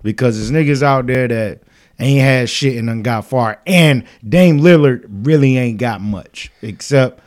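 A man in easy podcast chat, blunt and loud with his opinions. He swears freely and laughs often between points. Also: mid-range voice, measured pace. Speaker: podcast co-host. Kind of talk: casual chat.

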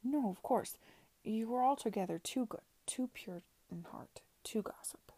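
A woman reading aloud softly, voicing a self-assured young baronet in a whispered reading. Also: on the high side, animated, a little slow. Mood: earnest.

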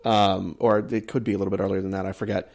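A man's voice: sits low, little pitch movement, fast, vocal fry, darkish tone. A man from the United States chatting casually as a podcast co-host, rambling with many fillers and restarts. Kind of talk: casual chat.

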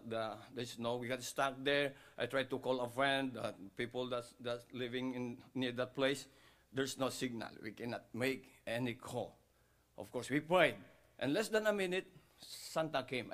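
Male pastor, Filipino accent, mid-pitched voice, emphatic storytelling sermon. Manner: switches between English and Tagalog, emphatic and storytelling; rising loud on key phrases, dropping quiet when moved.

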